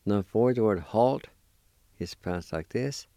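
A man's voice: fairly low pitch, animated, normal speed, dark tone, dry recording, clean studio sound. A man teaching a language lesson, patiently spelling and sounding out words syllable by syllable and encouraging his listeners.

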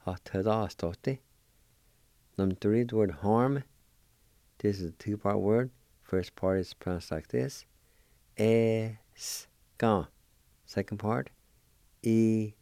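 A man with a low, mellow voice gives a language lesson, taking his time over every syllable. He spells and sounds out each word with patient, encouraging care. The sound is close and dry. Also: gravelly, no room sound. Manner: slow, deliberate syllable-by-syllable spelling and pronouncing. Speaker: language teacher.

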